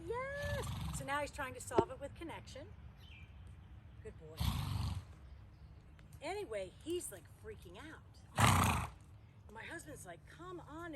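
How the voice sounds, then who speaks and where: Chatty horsewoman with a high voice, recorded outdoors with clear ambient noise around her. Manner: chatty, breaks off to praise the horse. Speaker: horse trainer. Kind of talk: storytelling while working a horse.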